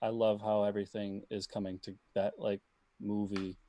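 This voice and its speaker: A man co-hosting a casual sports podcast, giving quick opinions and reasoning them through. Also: fairly low pitch, little pitch movement, dark tone, slight background noise. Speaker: podcast co-host.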